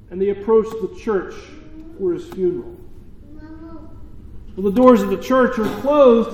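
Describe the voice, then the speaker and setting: A man preaching a sermon as pastor, telling a story slowly and deliberately with dramatic pauses. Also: sits high, darkish tone, a little hiss or hum. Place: church sanctuary. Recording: echoey church with long reverb.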